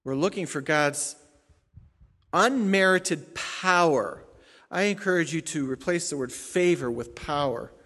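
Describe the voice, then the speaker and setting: Male pastor, somewhat high voice, emphatic sermon delivery with loud peaks and hushed asides, long hall reverb. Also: unhurried. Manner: emphatic preaching, swings from loud declarations to quiet asides.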